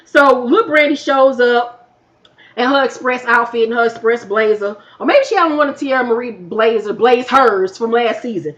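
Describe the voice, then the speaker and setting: A woman recapping a reality TV episode in a blunt, profane, animated way, her voice getting worn from talking all afternoon. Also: on the high side, normal speed, dull audio. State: losing her voice. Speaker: YouTube reviewer. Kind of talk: casual TV recap.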